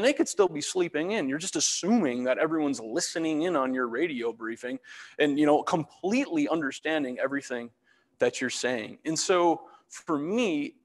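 A man's voice: a little high, in a large hall. A man giving a casual public talk as a fire meteorologist, walking through slides with self-deprecating jokes. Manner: self-deprecating, joking asides.

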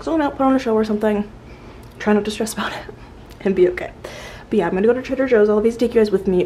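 A woman's voice: mid-range voice, dark tone, rough recording. A bubbly young woman chatting to her phone camera in a casual vlog. Her talk is loose and full of filler words. Noticeable noise sits under the recording. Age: young adult. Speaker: vlogger.

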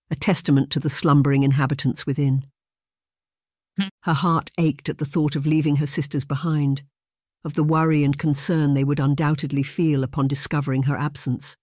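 This is scripted audiobook narration of a romance novel, paced evenly and measured like a storyteller's. The voice is mid-range, and the studio-quality recording carries no echo.

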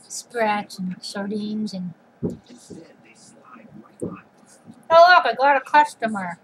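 A woman's voice: mid-range voice, lively intonation, slow, pauses often. A woman vlogger chatting casually while she eats, rambling and sometimes talking with her mouth full. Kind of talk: casual eating vlog chat. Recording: noisy home recording.

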